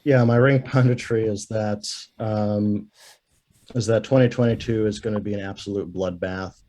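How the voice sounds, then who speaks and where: A man's voice: lowish voice, fairly even intonation, normal speed, mellow. A man guest on a podcast, talking politics in a rambling, self-correcting way. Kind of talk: casual political chat.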